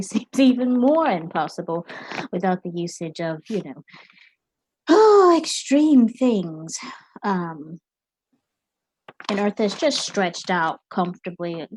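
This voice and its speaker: A woman playing a stately cat character in a tabletop role-play, speaking in a slow, drawn-out, deliberate way. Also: lowish voice, darkish tone, dry recording, poor audio. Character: slow, stately cat of an old-fashioned people.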